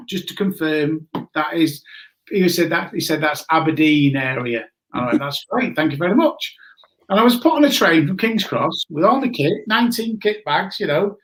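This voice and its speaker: A man in his forties telling a story in a casual chat, animated and laughing often, greeting viewers as he goes. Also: on the high side, moderate pace. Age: 40s. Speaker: guest.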